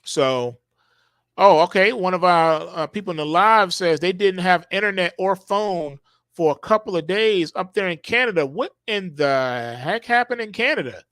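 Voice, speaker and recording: A man's voice: sits high, animated, normal speed, fairly bright tone, no room sound, studio quality. A man hosting a live stream, talking in an emphatic, preachy way, repeating himself and stretching words out for effect.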